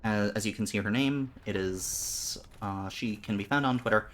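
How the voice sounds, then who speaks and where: A man's voice: on the low side, normal speed. A man streaming live, chatting casually with his viewers in a rambling way, often stumbling and repeating words.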